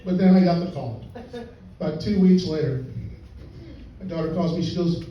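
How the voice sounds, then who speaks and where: A grandfather working as a stand-up comedian chuckles through a folksy story in front of a live audience, his voice a little high and moderately paced. The venue recording sounds distant, roomy and dull, with slight background noise.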